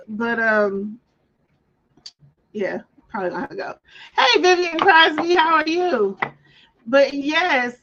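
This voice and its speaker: A woman's voice: a little high, a bit bright. Chatty woman streamer, slightly muffled audio. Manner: chatty storyteller, acts out callers' voices. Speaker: livestream craft host. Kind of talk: casual chat.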